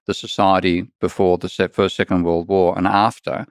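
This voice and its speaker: Australian male guest, blunt joking storyteller, lowish voice, dry close sound. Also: flat delivery, normal speed, clean tone, dry recording. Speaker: guest economist. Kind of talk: casual conversation.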